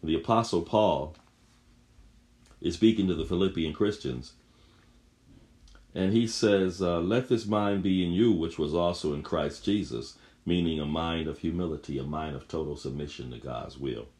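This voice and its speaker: Very deep-voiced male preacher. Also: moderate pace, darkish tone. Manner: emphatic, repeats phrases, rises when reading scripture. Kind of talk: sermon.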